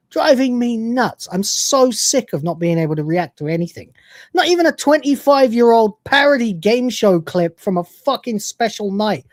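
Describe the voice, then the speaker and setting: A woman's voice: on the low side, darkish tone, no echo, clean studio sound. A British woman hosting a livestream, reacting to clips and reading super chats, swearing a lot, often exasperated, and laughing often. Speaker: host.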